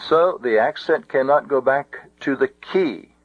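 A man teaching ancient Greek accents in a slow, methodical lecture, sounding out syllables one by one. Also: mid-range voice, husky, no echo. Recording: dull dry lo-fi recording.

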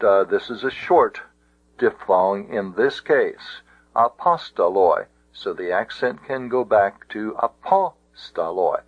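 A man with a lowish voice teaches Greek grammar, working through each example methodically and spelling it out with care. The audio is tinny, like a phone, but carries no echo.

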